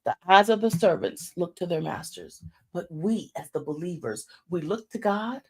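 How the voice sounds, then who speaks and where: A woman in her fifties delivers an informal sermon as a church speaker, her voice gravelly, husky and on the low side at a moderate pace. She tells stories with animation and calls her listeners y'all.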